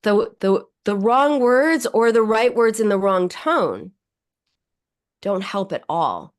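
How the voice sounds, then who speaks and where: A woman's voice: mid-range voice, expressive, takes it slowly. A woman psychoanalyst speaking as a guest on a podcast interview, explaining her ideas and acting out quoted self-talk.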